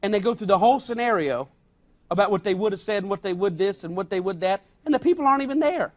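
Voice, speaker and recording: A man's voice: sits high, lively intonation, fast. A male pastor preaching a sermon in an emphatic way, repeating his key points.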